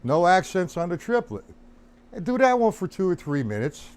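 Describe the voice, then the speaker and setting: A man teaching a live-streamed drum lesson, explaining rhythms, counting beats out loud and greeting viewers by name. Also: sits high, big pitch swings, normal speed, smooth, faint music behind.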